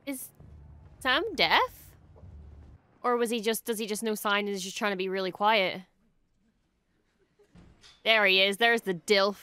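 A young woman hosting a casual reaction video, excitable and quick to swear and gush. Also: mid-range voice, clear, resonant tone, dry recording. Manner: excitable, swears often, gushes.

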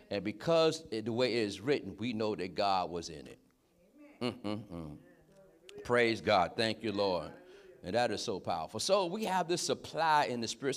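A man preaching a sermon in a lively, conversational way, breaking in with short affirmations and laughing as he talks. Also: mid-range voice. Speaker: pastor.

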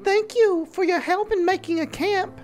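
A man doing a chirpy falsetto middle-aged woman. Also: fairly even intonation, moderate pace, a little mellow, soft background music. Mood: cheerful. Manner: high, sing-song falsetto.

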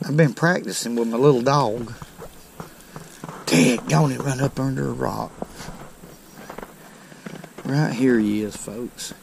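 Speaking slowly with long pauses, a fishing channel host narrates by a creek in a gravelly mid-range voice. He's folksy and exclaims over each catch as he talks to viewers, and the background is noisy.

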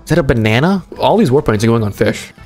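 A young man giving casual, jokey commentary while opening game cases, excitable and swearing, his voice jumping up when he gets hyped. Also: medium pitch, quick pace, faint music behind. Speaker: gaming streamer.

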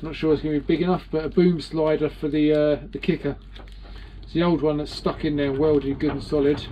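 A man's voice: a little high, flat delivery, brisk, lo-fi sound, slight background noise. A man with a British accent vlogging from his boat about repairs, rambling and self-mocking as he chats to his viewers. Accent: British English. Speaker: sailing vlogger. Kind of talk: casual vlog to camera.

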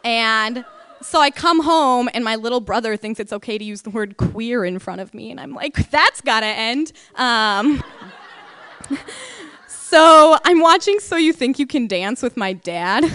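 Giggly bright-voiced young woman storyteller. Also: a little high, animated, measured pace, clean tone, no echo. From North Dakota. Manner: giggly, self-mocking, lots of laughing asides. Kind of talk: live storytelling on stage.

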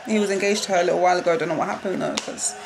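A young woman reacting live to a football match, excitable and quick to shriek and laugh. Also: fairly low pitch, vocal fry. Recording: loud crowd noise behind. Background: crowd noise from the match broadcast.

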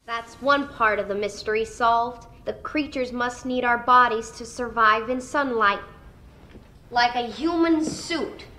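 Eager young woman detective, high and bright, slow delivery. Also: a little hiss or hum. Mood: earnest.

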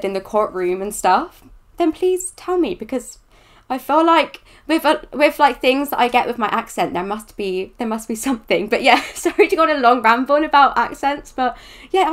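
A young adult reaction host from southwest England chats in a West Country accent, rambling and leaning heavily on fillers. Her voice is on the high side and a bit bright.

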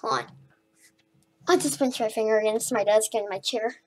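A woman streamer talks through her gameplay in a casual, chatty way. Her voice sits high. She is excitable and breaks into shouts and squeals when something goes her way. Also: normal speed, slight background noise. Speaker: gaming streamer.

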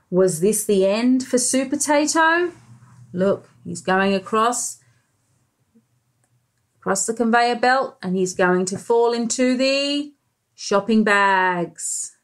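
A woman with a Welsh accent reads a picture book aloud to young children. Her voice sits high, and she takes her time over each line. She tells the tale in a dramatic, expressive way. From Wales. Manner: slow, expressive storytelling with a lively, dramatic lilt. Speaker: pre-school teacher.

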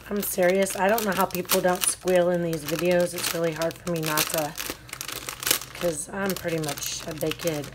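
A woman's voice: on the low side, level tone, moderate pace, noisy background. A woman vlogger unboxing a craft mail swap, gushing with constant delighted exclamations and talking straight to the sender. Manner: talks to the sender directly.

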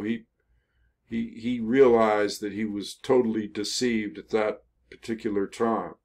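An older man telling a history story in a casual, rambling way, with many pauses, fillers and self-corrections. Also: on the low side. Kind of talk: casual spoken history narration over photos.

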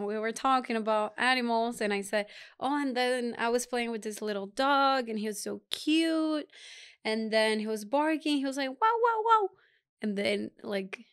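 A woman's voice: fairly high pitch, a bit bright, clean tone. Laughing, teasing woman co-host. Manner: playful, laughs often, teasing. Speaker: podcast co-host. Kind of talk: casual chat.

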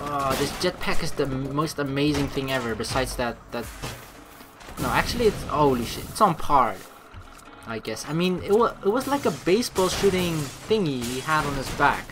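A let's play gamer giving excitable gameplay commentary, swearing freely and laughing often, with game music playing behind. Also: mid-range voice, normal speed.

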